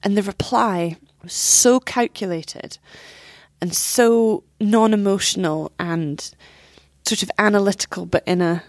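A young woman recounts a painful personal story in an interview, speaking candidly and swearing freely as she acts out what others said. Her voice sits a little low, and the recording is close and dry, with no room sound. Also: darkish tone, dry recording. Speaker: interview guest.

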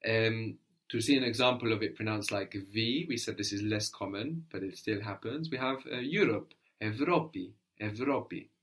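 A man's voice: lowish voice, moderate pace, fairly bright tone. A man teaching a one-on-one language lesson, explaining patiently step by step and prompting his student to answer.

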